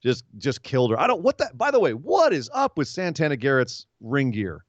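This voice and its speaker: A man's voice: medium pitch, sing-song, dry recording. Chatty man recapping wrestling, lo-fi. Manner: rambling, retells comedy segments with quick voiced asides. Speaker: podcast co-host. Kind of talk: casual wrestling recap chat. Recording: dull lo-fi podcast audio, dry.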